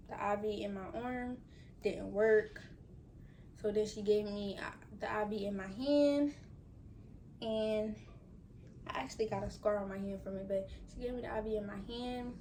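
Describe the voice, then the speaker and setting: A woman's voice: mid-range voice, warm tone, recorded from a distance, a little hiss or hum, rough recording. A woman in her twenties chatting casually to her viewers, telling a story and acting out her own thoughts while recovering from surgery. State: recovering from surgery, can't bend down. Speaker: vlogger. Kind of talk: casual chat to camera.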